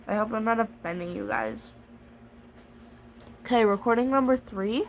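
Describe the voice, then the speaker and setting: Woman vlogger, slightly high voice, chatty and playfully dramatic, joking to camera. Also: sing-song, moderate pace, slight background noise, poor audio. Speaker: vlogger reviewing a storybook device. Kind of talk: casual chat to camera.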